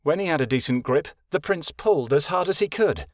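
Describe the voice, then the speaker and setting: A man narrating a young-adult fantasy audiobook in a steady storytelling manner, giving each character its own voice. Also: fairly high pitch, a little fast, no room sound, studio quality. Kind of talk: scripted narration.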